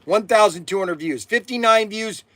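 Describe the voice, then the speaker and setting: Excitable rambling man in his 60s. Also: high-pitched, moderate pace, dry recording. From Ohio, USA. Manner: excitable, rambling, repeats himself. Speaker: toy shop host. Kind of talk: rambling live-stream chat.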